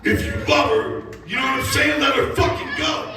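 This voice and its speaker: A man in his fifties telling a profane, animated story to a live crowd, laughing and shouting punchlines. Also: extremely high pitch, normal speed, over music. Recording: echoey live venue from far off with loud crowd.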